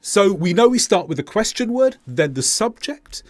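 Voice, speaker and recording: A man leads a scripted lesson, speaking clearly and deliberately as he demonstrates pronunciation. His fairly high voice rises and falls in lively swings. The sound is close and dry. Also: dry recording. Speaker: English teacher.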